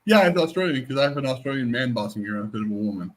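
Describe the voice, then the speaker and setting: A man streamer chats casually in a playful, teasing, joking way. His voice is mid-pitched, and his intonation is lively, swinging widely up and down. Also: very fast. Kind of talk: casual chat.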